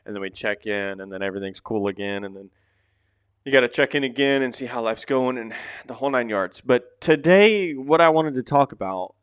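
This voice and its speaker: Podcast host, male, smooth voice, dry close-mic sound, loose rambling delivery. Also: mid-range voice, brisk, fairly bright tone, dry recording. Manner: loose, rambling, drops casual fillers. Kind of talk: casual solo podcast talk. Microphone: close to the microphone.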